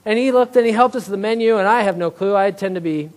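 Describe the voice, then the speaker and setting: A man's voice: sits high, fast talker. A male pastor preaching a conversational sermon, often checking in with "right?" and joking about himself. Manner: conversational, tag questions like "right?"; self-deprecating humor.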